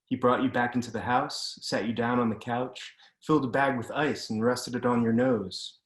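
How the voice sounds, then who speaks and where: A man reading his own prose at a steady, deliberate pace, like an author at a reading. He sounds like he is on a video call, and the room around him adds a clear echo. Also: mid-range voice. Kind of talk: literary reading. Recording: roomy echo.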